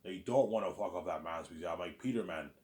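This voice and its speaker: Deep-voiced man rambling fast. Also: a little mellow, roomy sound. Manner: repeats words and restarts often, loose and boastful. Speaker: author hosting his own listening series. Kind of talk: rambling casual monologue.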